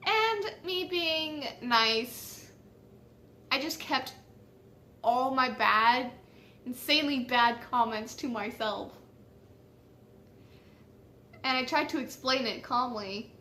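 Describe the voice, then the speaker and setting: A woman's voice: on the high side, slow pace, bright, forceful tone, slight background noise. A woman casually telling a personal story, chatty and swearing freely, laughing at how silly it was.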